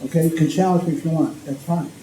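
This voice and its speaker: Dark-voiced priest lecturing in an echoey hall. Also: male voice, fairly high pitch, fairly even intonation, fast talker. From Connecticut, USA. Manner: conversational, checks in often with "okay?". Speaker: speaker, priest and ethicist. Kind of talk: informal lecture. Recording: echoey hall, faint background noise.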